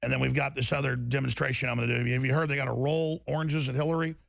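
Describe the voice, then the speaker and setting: A talk radio host in full rant, his words tumbling out with restarts and emphatic swings. His voice is deeply gravelly with constant fry and sits at an ordinary male pitch. It is recorded close and completely dry, with no room sound at all. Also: little pitch movement, fast, no room sound. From Texas. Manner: ranting, emphatic, repetitive restarts. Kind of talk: political talk radio monologue.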